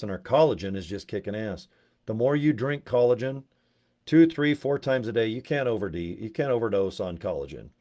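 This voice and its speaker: A Utah man with a low-side, darkish voice chats casually on video, pitching his network marketing business between jokes. His talk rambles into tangents, and he slips into silly voices.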